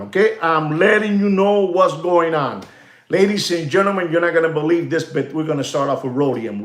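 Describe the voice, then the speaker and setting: A man's voice: fairly high pitch, roomy sound. A man hosting a live watch market stream, in a hyped, repetitive salesman patter full of fillers. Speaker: watch channel host.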